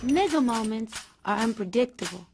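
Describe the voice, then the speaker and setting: A woman voicing the deadpan narrator of an animated clip, played back with noise. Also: on the high side, normal speed, natural voice. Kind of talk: deadpan documentary-style narration.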